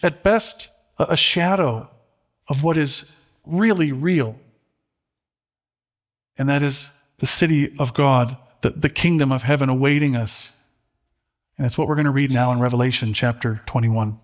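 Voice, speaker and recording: A middle-aged man with a somewhat high voice delivers a sermon. He talks earnestly, often repeating words as he searches for them, and sounds close to tears. When he reads scripture his voice climbs and swells. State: holding back tears. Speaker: pastor.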